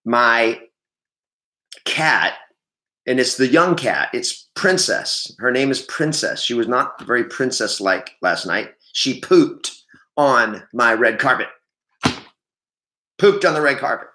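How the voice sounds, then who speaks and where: Bright-voiced man hosting a live stream. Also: medium pitch, animated, slow, pauses often, reverberant. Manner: rambling, self-correcting, greets viewers by name. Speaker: livestream host and real estate trainer. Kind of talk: casual live stream chat. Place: home training room.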